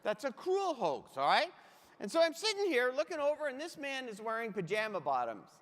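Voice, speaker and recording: A man's voice: very high voice, sing-song, brisk, fairly bright tone. A middle-aged man giving a comic motivational keynote, telling punchy stories with asides to the audience on a stage mic in a large conference hall. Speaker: keynote humorist. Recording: echoey hall reverb.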